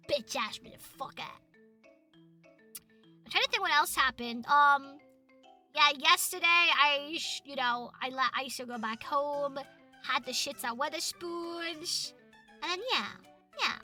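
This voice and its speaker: A young British woman streaming as a VTuber, chatting casually to her chat, excitable and swearing a lot with loud outbursts. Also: high voice, measured pace, faint music behind.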